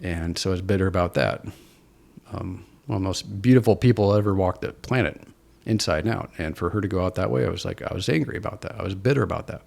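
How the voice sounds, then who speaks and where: A man's voice: deep voice, fast talker, creaky, darkish tone. A man from Seattle, a podcast guest, candidly telling his personal story in an earnest, self-deprecating, reflective way. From Seattle, USA.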